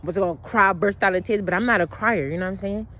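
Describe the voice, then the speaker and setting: A woman's voice: mid-range voice, fast talker, fairly bright tone. A woman telling a long personal story in a casual monologue, blunt and emotional, swearing freely and rambling with restarts and asides.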